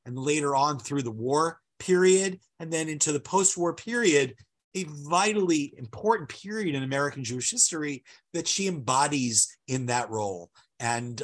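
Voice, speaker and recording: A man giving an illustrated lecture over slides, talking in a discursive, emphatic way and stressing key words. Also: mid-range voice.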